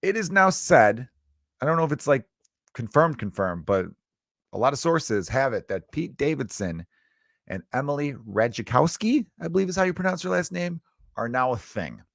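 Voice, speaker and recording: A male comedian and podcast host from the Chicago area, riffing through a crude, rambling comedic monologue with quick asides. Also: medium pitch, very animated, gravelly, fairly bright tone, no echo, clean studio sound. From Chicago area, United States.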